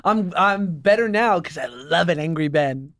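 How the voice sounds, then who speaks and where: A man's voice: fairly high pitch, animated, normal speed, fairly bright tone, no room sound, studio quality. A man co-hosting a podcast, telling a funny story playfully and acting out quoted lines. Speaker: podcast co-host. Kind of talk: casual comedic storytelling.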